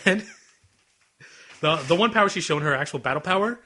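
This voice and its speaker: A man's voice: sits high, moderate pace. A young man co-hosting a casual anime podcast, retelling scenes and acting out the characters' lines. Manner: animated, acts out scenes in quoted voices. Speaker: podcast co-host.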